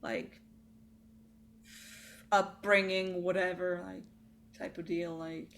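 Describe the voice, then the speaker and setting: A woman's voice: on the low side, flat delivery, takes it slowly, creaky, a bit bright, slight background noise. A woman playing a tabletop game, chatting casually and laughing often. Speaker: player.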